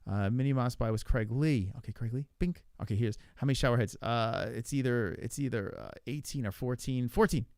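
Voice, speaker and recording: A man's voice: medium pitch, darkish tone, smooth, no echo. Swearing, muttering man, dry sound. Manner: swears a lot and thinks aloud, muttering; halting, with many fillers and repeats. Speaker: podcast host. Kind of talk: casual chat while playing an online quiz.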